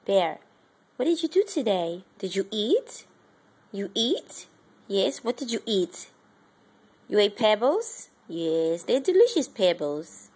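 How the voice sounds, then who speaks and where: Breathy sing-song woman cooing at a pet. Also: medium pitch, very animated, unhurried, a little mellow. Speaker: pet owner. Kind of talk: baby talk to a pet. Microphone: phone.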